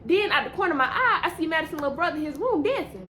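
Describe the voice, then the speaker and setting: A woman's voice: high-pitched, big pitch swings, rapid-fire, sharp tone. A young woman telling a rambling, slang-filled story in a casual storytime vlog, often repeating herself. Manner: rambling, repetitive slang-heavy storytelling with laughs.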